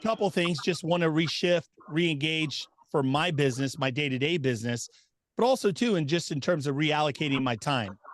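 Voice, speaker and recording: A man's voice: on the high side, normal speed, dry recording. A man hosting a casual video call, greeting people by name in an upbeat, chatty way. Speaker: host of a members' video call. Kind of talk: casual group call welcome.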